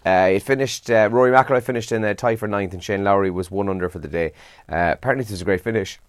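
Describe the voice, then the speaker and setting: Talking fast in a lowish voice with no echo, a young Irish man hosts a breakfast radio show. He yawns and sounds tired as he goes through the morning papers and trends in a casual chat.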